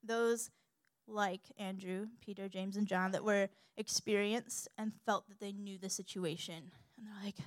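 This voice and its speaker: A young woman giving a sermon in an animated, humorous way. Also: medium pitch, unhurried, few pauses, dry recording. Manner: animated and humorous, acts out quoted voices.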